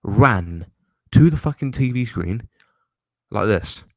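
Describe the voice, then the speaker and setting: A man's voice: on the low side, animated, slow, vocal fry, darkish tone, no room sound. A young man hosting a casual rambling chat, swearing casually and often laughing. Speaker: host.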